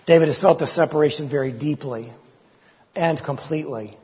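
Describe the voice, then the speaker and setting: A man's voice: fairly high pitch, a little fast, darkish tone, husky. A man preaching an expository sermon with an impassioned delivery, voicing the psalmist's pleas. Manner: impassioned, voices the psalmist's pleas with rising intensity. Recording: lo-fi recording with long hall reverb.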